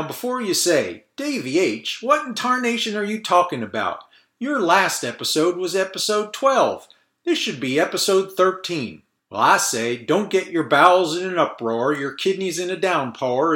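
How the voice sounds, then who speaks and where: A man's voice: on the high side, a bit bright. A man putting on an exaggerated, folksy fake Southern accent as a hammy podcast host persona. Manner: exaggerated folksy drawl with hollers. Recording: roomy echo.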